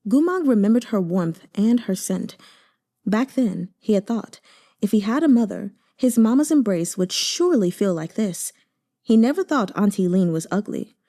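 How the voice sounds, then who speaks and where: Expressive woman reading a novel. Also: medium pitch. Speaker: audiobook reader.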